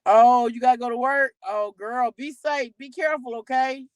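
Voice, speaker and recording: A woman's voice: fairly high pitch, normal speed, dry recording, low-quality recording. Chatty woman hosting a livestream. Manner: candid, chatty, talks straight to viewers. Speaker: livestream host. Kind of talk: casual livestream chat.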